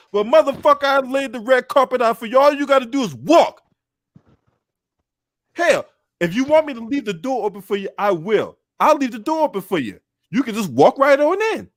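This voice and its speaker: A man's voice: very high-pitched, very animated, fairly quick, a bit bright, dry recording, clean studio sound. A man hosting a casual sports talk show, confrontational and profane, taunting someone who challenged him. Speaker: host.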